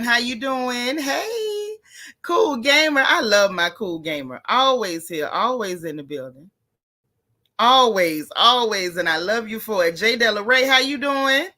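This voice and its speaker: Speaking at medium pitch, this middle-aged woman has a bright, forceful delivery. She hosts a casual livestream, chatting, greeting viewers by name, and dropping easygoing slang.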